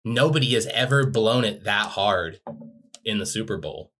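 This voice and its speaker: A man's voice: lowish voice, lively intonation, normal speed, fairly bright tone. A man co-hosting a podcast, chatting casually with frequent swearing and wry jokes. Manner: profane, wry. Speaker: podcast co-host. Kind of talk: casual chat.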